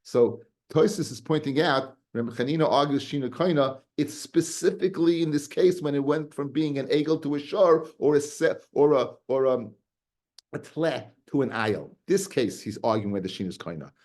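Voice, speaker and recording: A man teaching a casual Talmud class, animated and often repeating words as he explains. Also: a little high, moderate pace.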